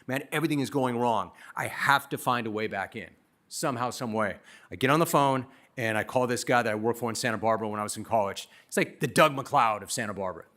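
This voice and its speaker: A man's voice: medium pitch, fast talker, a bit bright. Man telling punchy self-mocking stories. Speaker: commencement speaker. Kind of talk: graduation speech.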